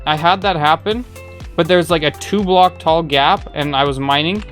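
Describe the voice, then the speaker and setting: A man's voice: a little high, normal speed, a bit bright, soft background music. A young man giving casual, rambling commentary on his gameplay, joking and chatting with his viewers. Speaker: gaming streamer.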